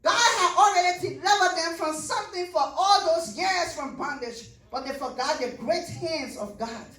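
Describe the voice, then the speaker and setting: High-voiced woman preaching a fervent sermon. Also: normal speed, fairly bright tone, roomy sound, far from the mic, rough recording. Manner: rising to fervent preaching, repeats "church" and "he said".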